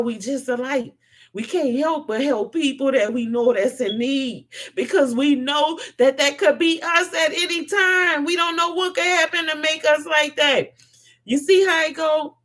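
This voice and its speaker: Impassioned high-voiced woman preaching. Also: unhurried. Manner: impassioned, preachy, swings from loud to soft. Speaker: host. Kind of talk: spiritual monologue to a live audience.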